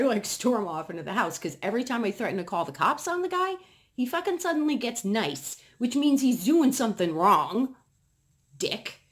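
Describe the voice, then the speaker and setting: Woman from New England, casual ranting vlogger, emphatic and swearing, lively voice. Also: lowish voice. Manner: heated, profane, emphatic ranting.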